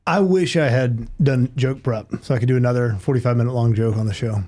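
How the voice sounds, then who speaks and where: A man's voice: medium pitch, a little fast, dark tone. A man as a podcast guest in casual chat, rambling a little as he eagerly sets up a joke he loves. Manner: rambling storyteller, eager to tell a favorite joke.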